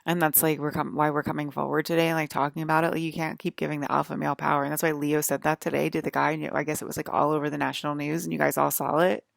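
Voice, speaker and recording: Low gravelly rambling woman. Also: flat delivery, very fast, hardly any pauses, dry recording, studio quality. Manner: rambling, heavy use of "like", swearing, agitated. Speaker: vlogger. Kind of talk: rambling monologue to camera.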